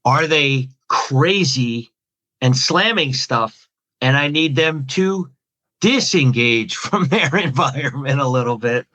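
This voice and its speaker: A man's voice: medium pitch, animated, slow, bright, forceful tone. A man, a communication trainer and podcast guest, talking through a model step by step with questions and lists. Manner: methodical, lays out points as questions and lists. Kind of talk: explanatory podcast conversation.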